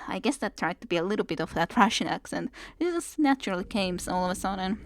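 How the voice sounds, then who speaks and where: A woman's voice: medium pitch, animated, fast talker, dry recording. A woman streaming a game, chatting casually and reading game text aloud. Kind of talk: casual gameplay commentary.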